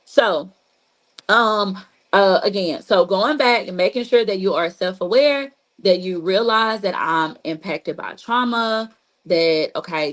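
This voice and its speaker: In a medium-pitched voice over poor audio, a woman therapist talks informally about healing from trauma, repeating herself as she teaches. She addresses her listeners head-on, leaning on "you know" and "like." She is an adult with a child.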